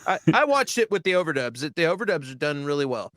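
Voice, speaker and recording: A man co-hosting a casual podcast chat, excitable and stumbling over his words. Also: on the high side, fast, no echo, clean studio sound. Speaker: podcast co-host.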